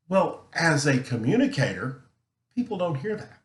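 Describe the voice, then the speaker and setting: A man's voice: on the high side, sing-song. Earnest teacher, man, roomy echo. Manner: earnest, emphatic, deliberately slowed delivery. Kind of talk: recorded classroom lesson.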